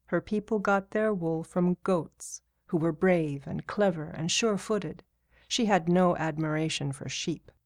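A woman reading a novel aloud as narrator in a steady, even way. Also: fairly low pitch, a little slow. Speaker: audiobook narrator. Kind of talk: scripted narration.

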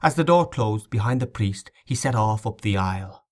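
Low-voiced man narrating an audiobook. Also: lively intonation. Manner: measured, dramatic reading.

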